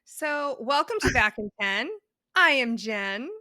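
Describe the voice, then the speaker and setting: A woman's voice: a little high, animated, slow, sharp tone, no room sound, clean studio sound. A woman with a Boston accent co-hosting a podcast in a casual, chatty, rambling way. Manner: chatty and playful, rambling with fillers. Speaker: podcast co-host. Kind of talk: casual chat.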